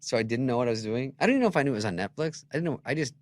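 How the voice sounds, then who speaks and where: An older man in casual chat, telling stories as a guest and acting out the voices in them, now loud, now soft. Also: mid-range voice, racing, dry recording. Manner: animated, acts out voices in anecdotes, swings loud and soft.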